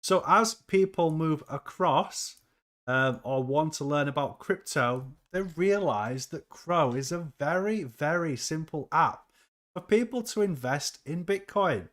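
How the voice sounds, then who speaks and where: A slightly high-voiced man hosting a relaxed crypto livestream. He talks in an upbeat, rambling way, reacting to the market and reading out chat messages as he goes. His delivery is loose and conversational. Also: measured pace. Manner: upbeat, chatty, reads chat aloud.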